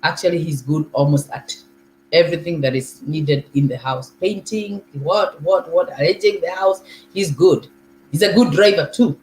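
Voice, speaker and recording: A woman's voice: deep voice, moderate pace, a little mellow. Kenyan woman hosting, echoey room. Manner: emphatic, repetitive self-affirming statements. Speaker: talk show host. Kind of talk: motivational monologue. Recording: echoey room with faint hum.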